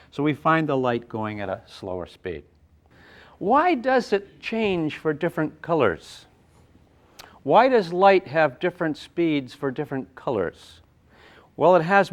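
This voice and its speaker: An older man teaching a physics class, lively and playful, with sound effects and acted asides. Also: on the high side. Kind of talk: classroom lecture at a whiteboard.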